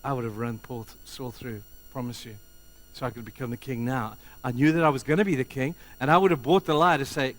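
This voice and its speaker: A man preaching a sermon, retelling stories with lively swings between loud bursts and hushed moments. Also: mid-range voice, moderate pace. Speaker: pastor.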